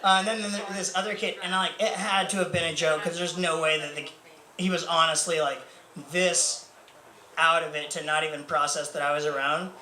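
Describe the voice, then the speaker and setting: A man's voice: on the high side, level tone, fairly quick, pushed and bright. A young man performing a stand-up comedy set, rambling and self-mocking with lots of fillers. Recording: echoey club room with faint noise.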